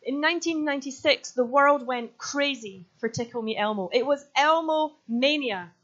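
In a high-pitched, somewhat bright voice at a moderate pace, a woman from Scotland in her 30s delivers a sermon built on props and stories. She banters with the audience before turning earnestly urgent, and the lo-fi sound is slightly dull.

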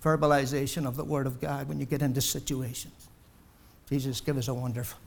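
A man preaches a sermon to a congregation, building to loud, emphatic peaks before dropping low and asking rhetorical questions again and again. He grows short of breath as he goes. His tone is level and creaky, and his delivery is brisk.

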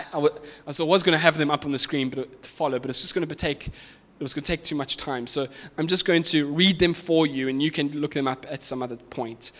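A man's voice: a little high, a bit bright. A man preaching a sermon to a congregation, explaining scripture with emphatic, rising intensity. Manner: emphatic, builds to raised fervent peaks. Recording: reverberant hall.

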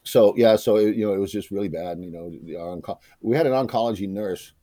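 Fast-talking deep Bostonian man. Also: dark tone, dry recording. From South Boston, USA. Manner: emotional, profane, rambling with restarts. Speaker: memoir author, guest. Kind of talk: candid personal storytelling.

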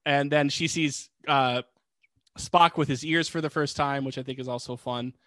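Man, casual podcast recap, rambling, bright tone, dry close sound. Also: medium pitch, normal speed, no room sound. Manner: rambling, animated storytelling with quoted voices. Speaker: podcast co-host. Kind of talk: casual movie recap chat.

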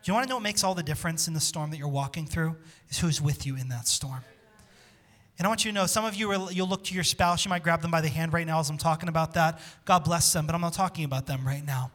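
A man preaching a sermon as pastor, impassioned, dropping to a hush when quoting scripture. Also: on the high side, fast talker.

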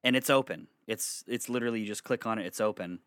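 A young man with a low voice tells a story among friends in a loose, rambling way. He swears now and then and laughs between lines. The sound is dry and close, with little room behind it. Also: fast talker, a bit bright, smooth, no room sound. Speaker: guest telling a story.

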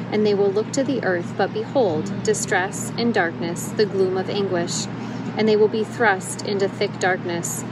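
Woman reading scripture, steady, loud noise behind her. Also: mid-range voice.

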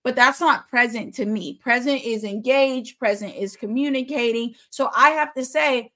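A woman's voice: fairly high pitch, normal speed, hardly any pauses, pushed and bright. A woman co-hosting a podcast with her husband, speaking candidly and playfully about her own marriage in casual chat. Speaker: podcast co-host.

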